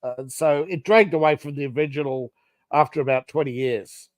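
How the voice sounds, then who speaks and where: An Australian man co-hosting a podcast, talking bluntly and laughing often. His voice sits a little high. The sound is dry and close. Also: fairly even intonation, normal speed, dry recording. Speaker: podcast co-host. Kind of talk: casual chat.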